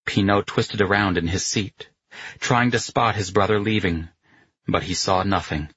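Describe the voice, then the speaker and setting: Male audiobook narrator, steady and measured, deep and husky. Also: dry recording, lo-fi sound.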